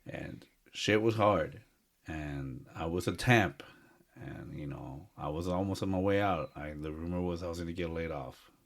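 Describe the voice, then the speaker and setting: A man with a very low, deep voice talks casually as a podcast co-host. He speaks earnestly and from the heart, rambling along with plenty of fillers and restarts. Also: normal speed. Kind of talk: casual chat.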